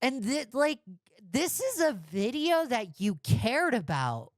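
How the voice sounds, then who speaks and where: A woman's voice: high voice, very animated, takes it slowly, no echo, clean studio sound. Scathing ranting woman commentator. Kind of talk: reaction commentary.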